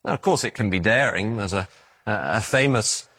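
A man preaching a sermon, telling stories with animated acted-out voices and frequent stammered restarts. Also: on the low side, moderate pace. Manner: animated storytelling, acting out voices in his anecdotes; repeats words when restarting.

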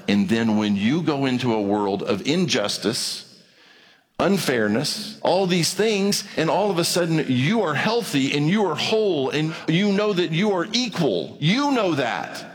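A man's voice: very animated, unhurried. Preaching man in a reverberant hall. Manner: conversational preaching with acted dialogue and wide pitch swings. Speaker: pastor. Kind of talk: sermon.

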